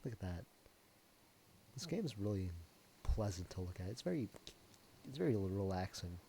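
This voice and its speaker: Young man, casual game commentary, low mellow voice, rambling and jokey, faint noise behind. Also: big pitch swings, normal speed, creaky. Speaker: gameplay streamer.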